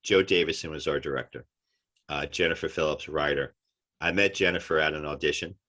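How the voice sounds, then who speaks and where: Deep-voiced animated male storyteller. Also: fairly quick. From United States. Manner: animated storyteller, acts out quotes. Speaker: actor guest. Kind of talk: casual interview chat.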